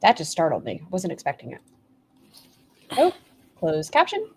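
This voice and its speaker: A woman hosting a commentary stream, chatting casually and throwing in sarcastic jabs. Her voice sits on the lower side for a woman. She sounds relaxed and conversational. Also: normal speed, a little hiss or hum.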